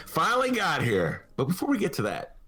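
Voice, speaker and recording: A man's voice: on the high side, wildly swooping pitch, measured pace, pushed and bright, breathy edge, faint music behind. A middle-aged man hosting a casual podcast talk show from a studio, rambling through jokes and asides with frequent chuckles. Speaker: podcast host.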